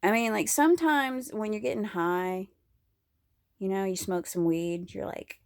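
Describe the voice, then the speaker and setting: Creaky-voiced woman rambling candidly. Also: medium pitch, steady tone, a little slow, no room sound, studio quality. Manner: candid, profane, laughs often. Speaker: vlogger. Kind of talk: casual rambling monologue.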